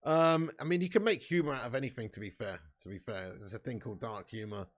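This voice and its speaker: A man's voice: medium pitch, fast talker. A man hosting a live football watch-along. He reads chat comments aloud and talks in a casual, sweary way. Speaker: fan channel host.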